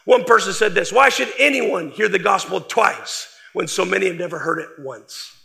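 A male preacher with a high, sharp voice and heavy gravel running through it. He delivers a sermon emphatically, hitting key words hard and then letting phrases fall away softly. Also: moderate pace. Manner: emphatic, swings from loud stresses to quiet trailing phrases.

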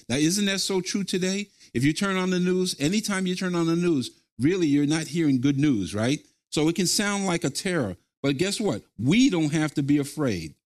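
A man preaching as pastor, leading his listeners through a call-and-response scripture reading and slowing right down for the recited verses. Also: fairly high pitch, darkish tone. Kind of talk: sermon.

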